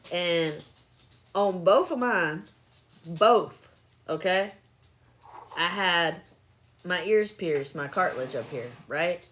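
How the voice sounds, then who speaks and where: A woman hosting a live stream, chatting casually and joking with frequent laughter, recorded on a phone. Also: a little high. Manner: joking, laughs often, playful teasing. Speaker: livestream host. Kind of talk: casual chat.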